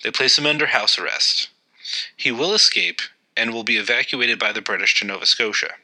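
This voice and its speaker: A man's voice: mid-range voice, lively intonation, fairly quick, pushed and bright, poor audio. A man hosting a history podcast, narrating events in a loose, conversational way with occasional fillers. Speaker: podcast host.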